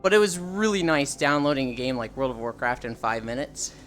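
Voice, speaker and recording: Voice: medium pitch, lively intonation, a little fast, a bit bright, faint music behind. A young adult livestreamer in casual, rambling chat with viewers, swearing freely and answering chat as it comes. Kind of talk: casual live-stream chat.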